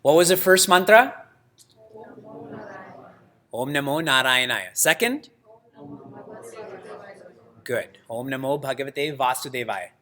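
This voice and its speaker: A man teaching a religious class in a lively way, asking his students questions and laughing often. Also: mid-range voice, takes it slowly, long pauses. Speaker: spiritual teacher.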